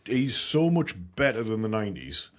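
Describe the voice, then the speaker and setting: A man with a fairly low voice, talking in an easygoing, rambling way on a podcast. He swears casually and leans on plenty of ums and likes. It sounds like relaxed chat between friends. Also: moderate pace, slight background noise. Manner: laid-back, swears, rambling with fillers. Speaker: podcast co-host and commentator.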